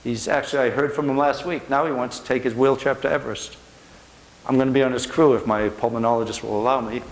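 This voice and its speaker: A man's voice: mid-range voice, steady tone, quick pace. A middle-aged American man giving a motivational speech to a room, telling stories earnestly with emphatic repetition. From United States. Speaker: motivational speaker. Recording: echoey room.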